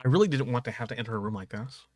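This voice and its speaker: Excitable, cursing male game streamer. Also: mid-range voice, rapid-fire, dry recording, studio quality. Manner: excitable, profane outbursts between readings. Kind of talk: game playthrough, reading dialogue aloud.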